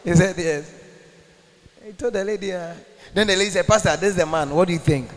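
Pastor preaching, high voice. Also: male voice, brisk. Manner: storytelling, laughing, prayerful. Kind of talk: sermon with interpreter. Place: large church hall. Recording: hall reverb.

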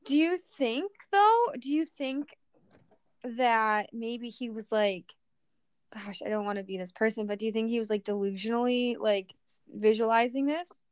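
A woman's voice: fairly high pitch, normal speed, clear, resonant tone, dry recording. A woman hosting a podcast, asking thoughtful, hesitant questions with fillers. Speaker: podcast host. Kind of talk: casual interview.

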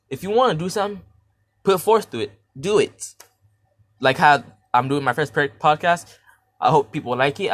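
A young man hosting his first podcast tells the story of a dream in a loose, slangy, rambling monologue full of restarts. He performs his own reactions, with sudden jumps from loud, high-pitched shouts down to quiet mumbles.

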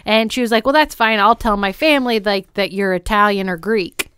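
Clear-voiced woman in her thirties telling animated stories. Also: medium pitch, a little fast, dry recording, clean studio sound. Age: 30s. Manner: animated storyteller, acts out others' lines. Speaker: podcast host. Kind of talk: casual chat among friends.

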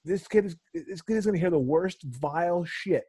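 A man co-hosting a podcast, talking bluntly and swearing as he complains. His voice is husky, recorded dry and close. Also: sits high, normal speed, mellow, dry recording. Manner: profane, blunt. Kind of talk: casual chat.

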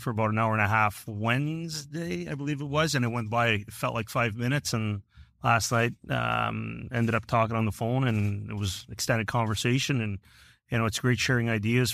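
A man answering questions as a hockey executive at a press conference, measured and halting, with frequent restarts. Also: mid-range voice, creaky, fairly bright tone, no room sound, clean studio sound.

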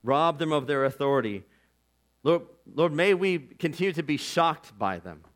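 A man preaching a sermon as pastor, earnest and conversational, swinging from loud declarations to hushed asides. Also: a little high, animated, normal speed. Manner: earnest and conversational, with "like" and "you know".

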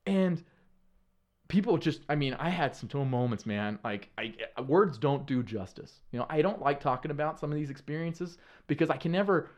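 A man who is a podcast guest, telling stories in an earnest, animated way, with casual slang and frequent restarts. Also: a little high, moderate pace. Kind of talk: casual conversational storytelling.

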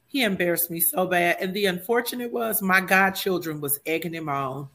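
A woman's voice: lowish voice, moderate pace, a bit bright. A woman co-hosting a podcast, telling dramatic stories in casual chat and acting out what people said. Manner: dramatic storyteller, acts out quotes. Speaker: podcast co-host.

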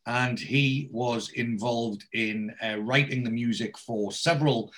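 Guy rambling through a tv episode recap, mid pitch, lots of asides. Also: a little slow, a bit bright. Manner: rambling storyteller, restarts and asides. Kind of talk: casual chat recapping a TV episode.

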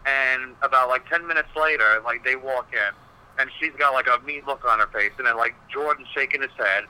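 Man, podcast guest, very bright sharp tone, middle pitch, rambling storyteller, filler-heavy, swears. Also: a little fast, smooth, low-quality recording. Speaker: wrestling personality guest. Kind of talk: casual podcast interview.

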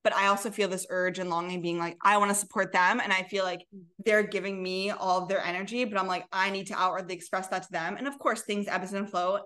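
Young female co-host, mid-pitched, earnest and rambling, casual talk. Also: flat delivery, fast, bright, forceful tone. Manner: earnest, filler-heavy, lots of "like". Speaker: podcast co-host. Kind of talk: casual chat.

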